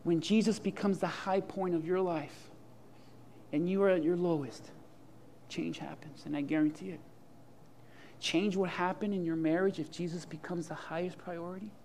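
A man preaching a sermon with humor and imagined dialogue, swinging from loud to hushed. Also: sits high, steady tone, moderate pace, slight background noise. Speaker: pastor.

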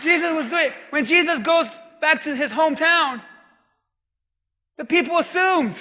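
In a large hall full of reverberation, a pastor preaches at a slow pace, his voice high and piercing. His emphatic style includes frequent shouting and calls for the congregation to respond.

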